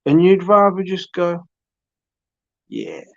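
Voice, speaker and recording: A man hosts a live stream in an unhurried, rambling way, calling out to viewers as he chats. His voice is dry and close, with no room around it. The stream audio sounds dull and lo-fi. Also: medium pitch, no room sound. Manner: chatty, rambling, addresses viewers by name. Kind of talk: casual live-stream chat.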